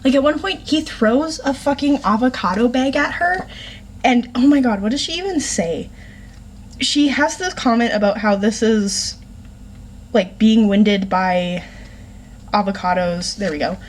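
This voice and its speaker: A woman's voice: on the high side, a little slow, breathy edge. Exasperated woman ranting about a book. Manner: exasperated, swearing, sarcastic ranting. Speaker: book reviewer. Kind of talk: casual ranting book review.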